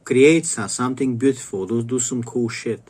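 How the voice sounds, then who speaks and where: A man's voice: medium pitch, moderate pace, a little mellow, husky. A man ranting to camera in a rambling, stop-start way, swearing constantly. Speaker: vlogger. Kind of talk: profane ranting monologue to camera.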